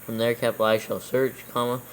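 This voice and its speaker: Man, level monotone delivery, reads verses and punctuation aloud, faint room noise. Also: mid-range voice, fairly quick, rough recording. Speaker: proofreader reading scripture aloud. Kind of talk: casual proofreading session, dictating punctuation.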